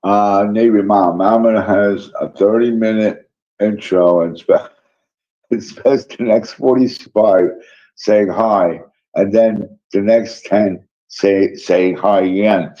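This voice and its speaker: A man hosting a live stream, telling a rambling, profane story with excitable asides while drowsy and yawning. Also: fairly low pitch, slow pace, highs cut off. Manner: profane, excitable, tangent-prone. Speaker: livestream host.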